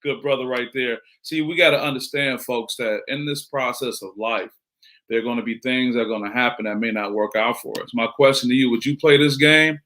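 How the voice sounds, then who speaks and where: A man's voice: medium pitch, fairly even intonation, a little fast, pushed and bright. Middle-aged male motivational speaker, preachy, fond of rhetorical questions. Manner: preachy, rhetorical questions, greets listeners by name. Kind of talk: motivational talk.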